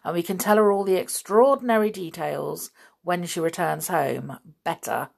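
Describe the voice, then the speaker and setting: A woman voicing a cheerful, brisk uncle in a storybook reading. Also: fairly low pitch, gravelly, husky, exaggerated voice.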